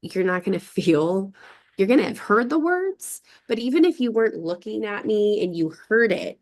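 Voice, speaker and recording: A woman's voice: low-pitched, gravelly, a little mellow. A woman talking reflectively in a casual group conversation, wandering through her thoughts and acting out quoted phrases.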